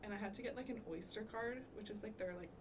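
A young Canadian woman co-hosts a casual podcast chat at a medium pitch and a fast pace, with noise in the background. She's chatty, laughs often, and says "like" constantly.

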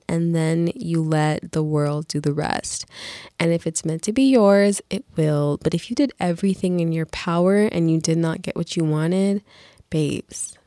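Chatty young woman, lowish voice. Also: no room sound, clean studio sound. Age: young adult. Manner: chatty, peppered with "like", swings between calm and animated. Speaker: vlogger. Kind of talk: casual storytelling to camera.

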